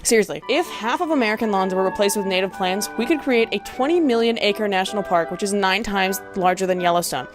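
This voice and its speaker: A woman's voice: mid-range voice, brisk, hardly any pauses, music in the background. A young woman ranting to camera in a sarcastic, profane, exasperated commentary vlog, breaking into laughs. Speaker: video essayist.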